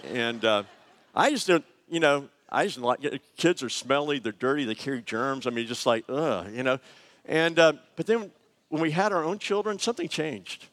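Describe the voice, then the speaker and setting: A middle-aged man preaching a sermon, telling personal stories in a conversational, animated way with frequent fillers. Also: fairly high pitch, normal speed. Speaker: pastor. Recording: long hall reverb.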